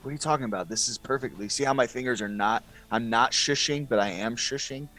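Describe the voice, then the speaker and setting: A man's voice: mid-range voice, quick pace, pushed and bright. A man playing a tabletop game, goofy and scheming, who tends to repeat himself. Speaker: player. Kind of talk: tabletop role-play chat.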